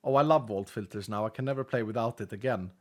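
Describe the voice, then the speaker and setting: Quick-paced and fairly low in pitch, a man streams a game and chats casually with his viewers. He reads their messages aloud, laughs often, and speaks English with a non-native accent.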